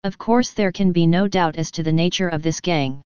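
A woman's voice: on the low side, steady tone, moderate pace, dark tone, clear, resonant tone, no room sound, lo-fi sound, lightly acted. A woman voicing a confident, jovial male police inspector in an audiobook. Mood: brisk.

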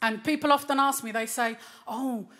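Cheeky high-voiced London woman doing stand-up. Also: moderate pace. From London, England. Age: 30s. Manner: cheeky, deadpan delivery with frequent "innit". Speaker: stand-up comedian. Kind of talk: stand-up comedy set. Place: small comedy club stage. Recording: live club recording with loud crowd. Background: loud audience laughter and applause.

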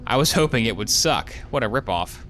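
A man giving casual, sarcastic let's play commentary as he plays, with joking asides and sudden excited yelps. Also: medium pitch, a little fast, slight background noise. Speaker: gameplay streamer.

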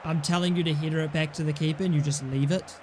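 A man's voice: fairly high pitch, fairly even intonation, fast talker, background noise. A young man giving casual commentary over his own gameplay, exasperated and sarcastic, swearing often. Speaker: gaming channel host.

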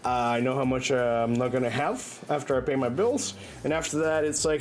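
Man, game streamer, casual chat, swears a lot, rambling restarts, mid pitch, faint background music. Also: brisk, few pauses. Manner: loose, profane, rambling with many restarts.

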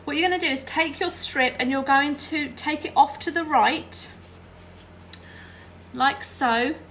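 Woman, high voice, crisp and bright, quilting tutorial, chatty, keeps checking in. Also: a little slow, slight background noise. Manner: chatty, checks in with "all right?". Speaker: quilting teacher. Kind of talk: hands-on craft tutorial.

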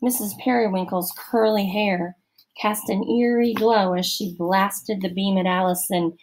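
A woman reads a children's novel aloud with lively, expressive storytelling. Her voice sits at an ordinary middle pitch. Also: unhurried, low-quality recording. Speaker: audiobook reader. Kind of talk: scripted narration of a children's novel.

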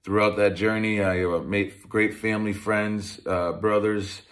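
A Massachusetts man in his thirties, once a pro football player, tells his life story in a lowish, slightly bright voice that stays fairly level in pitch and unhurried. His personal storytelling is conversational, full of fillers and frequent restarts.

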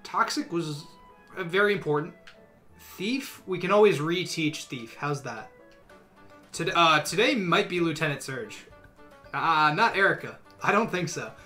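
A young male streamer talks through his game casually, rambling and filling gaps with "uh" and "like." His voice is bright and a touch high. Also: animated, measured pace, soft background music. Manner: rambling, full of fillers. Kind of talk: casual gameplay commentary.

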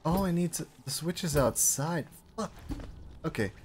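A man's voice: a little high, expressive, moderate pace, crowd noise. A man hosting a casual game stream, chatting loosely, talking to himself and swearing now and then. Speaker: streamer host. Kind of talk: casual gameplay chat.

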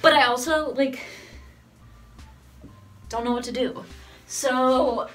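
A woman's voice: high-pitched, steady tone, slow pace, a bit bright. A young woman rambling to her camera in a dorm room at night, giggly and profane, tired and with a cracking voice. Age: young adult. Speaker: vlogger. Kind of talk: casual rambling vlog. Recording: distant camera with faint music.

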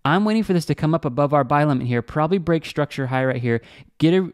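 A man's voice: a little high, expressive, quick pace, smooth, no echo, studio quality. A man hosting an online channel, talking viewers through a chart in a casual, upbeat way, often calling them "guys" and checking in with "okay?". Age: adult. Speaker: online trading channel host.

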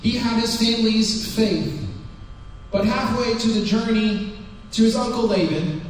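A man with a fairly high voice gives a sermon and retells the story in relaxed, everyday words. He is heard from a distance in a church hall with long reverb and some faint background hiss. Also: measured pace. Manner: retells the story in a casual, conversational way. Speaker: preacher. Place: church sanctuary.

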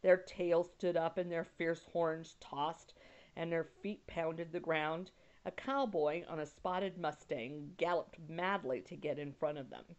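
A woman teacher at home, reading a children's novel aloud and pausing to explain words with casual asides. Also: deep voice, fairly even intonation, darkish tone. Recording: dull lo-fi recording.

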